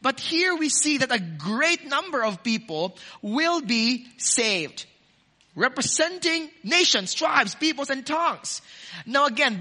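A man's voice: very high voice, sharp tone. A man preaching a sermon to a congregation, explaining a passage point by point and putting questions to the listeners. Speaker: pastor. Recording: long hall reverb.

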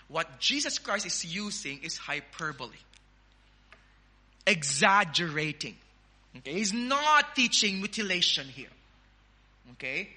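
Bright, high-voiced Filipino preacher. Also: male voice. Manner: emphatic preaching with sudden loud rises. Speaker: pastor. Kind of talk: sermon.

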